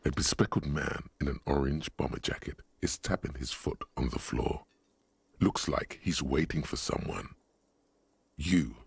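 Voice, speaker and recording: A gravelly, deep game narrator. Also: male voice, full character voice. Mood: brooding. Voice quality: gravelly, measured and ominous. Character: grave, gravelly male narrator voicing the detective's inner thoughts.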